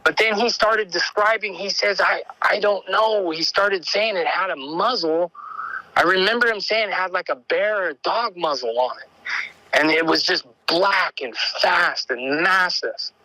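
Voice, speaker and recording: Bright-voiced man telling his story. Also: high voice, a little slow, no echo, poor audio. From Oregon. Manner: rambling, repeats words, acts out quotes. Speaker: caller sharing an encounter story. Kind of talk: animated storytelling.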